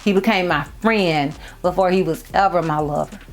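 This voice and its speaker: A woman's voice: lowish voice, normal speed, faint music behind. Heartfelt woman chatting to camera. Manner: heartfelt, repeats phrases for emphasis; addresses viewers as y'all and girl. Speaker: beauty vlogger. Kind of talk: casual storytime chat.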